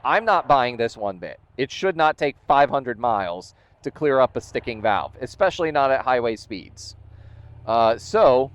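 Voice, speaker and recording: In a casual storytelling vlog about his motorcycle, a man with a medium-pitched, lively voice speaks unhurriedly. He retells events with exasperation and quoted dialogue, and the audio sounds dull.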